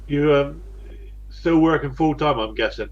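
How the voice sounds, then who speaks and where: A man's voice: fairly high pitch, a little slow, lo-fi sound. Chatty West Country man in his sixties. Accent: West Country English. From England. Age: 60s. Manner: blunt, chatty, chuckles often. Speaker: host. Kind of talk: casual chat.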